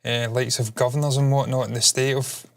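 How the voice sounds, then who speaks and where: A man's voice: medium pitch, flat delivery, fairly quick, creaky. A Scottish man co-hosting a casual film chat over a remote call, blunt, sweary and jokey. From Scotland. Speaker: co-host.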